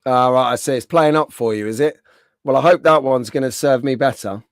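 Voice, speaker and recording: A man's voice: medium pitch, brisk, dry recording, clean studio sound. Chatty man hosting a live stream. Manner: chatty, answers viewers' comments by name. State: rough throat, clearing it often. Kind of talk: casual live stream chat.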